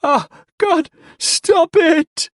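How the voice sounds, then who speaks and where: A shrieking beaten drunk. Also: male voice, extremely slow, a bit bright, no room sound, clean studio sound, heavily acted. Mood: terrified pleading. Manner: shrill pleading screams. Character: terrified beaten drunk man, wailing.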